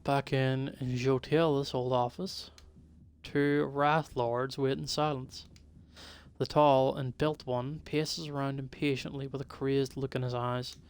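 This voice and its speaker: A man's voice: medium pitch, clear, resonant tone. A man streaming, reading a visual novel aloud in a plain, easy voice. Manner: reads narration and the hero's lines in a plain, easy voice.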